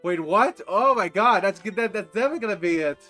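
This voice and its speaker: Brief: male game streamer, excitable and sweary, high pitch. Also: fast, soft background music. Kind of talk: live gameplay commentary.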